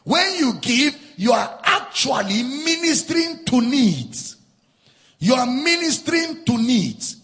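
A man's voice: very high voice, sing-song, slow pace, fairly bright tone, big-room sound. A man preaching a sermon as a pastor, driving his points home with repetition and sing-song emphasis.

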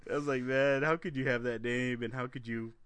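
A man's voice: medium pitch, fairly bright tone, clean tone, no room sound. A man co-hosting a podcast, telling a profane story in casual chat and breaking into laughter often. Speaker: podcast co-host.

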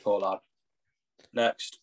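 A young English man co-hosting a casual sports podcast, joking and laughing often. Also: extremely slow. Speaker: podcast co-host. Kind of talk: casual chat.

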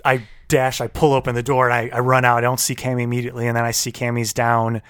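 A man's voice: mid-range voice, completely flat delivery, quick pace, fairly bright tone, clean tone, no echo, clean studio sound. A man co-hosting a podcast, telling a story in casual chat and acting out his own quotes. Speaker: podcast co-host.

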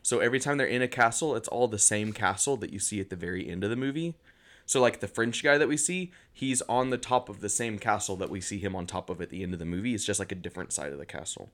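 A man with a slightly low voice chats casually about a classic comedy film. He eagerly drops trivia he picked up online, laughing along with his friends. His talk is loose and conversational. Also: fast talker, a bit bright. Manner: enthusiastic, shares fun facts. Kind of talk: casual movie discussion.

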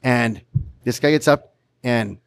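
A Canadian man from Winnipeg, in his thirties, telling a profane, animated story as a podcast guest. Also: medium pitch, slow, gravelly, clean tone. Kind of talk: casual storytelling.

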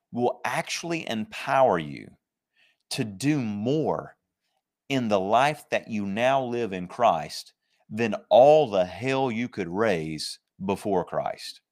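A man preaching a sermon, emphatic and conversational, slowing down to stress scripture verses and joking with his listeners. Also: fairly low pitch, a little mellow. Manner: jokes and laughs with the congregation.

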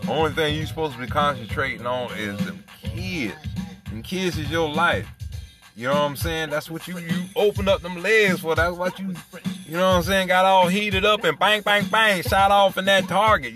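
A man's voice: high-pitched, normal speed. A man hosting an internet radio show, riffing in a profane, rambling comedic monologue and laughing at his own jokes. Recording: music playing underneath. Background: music.

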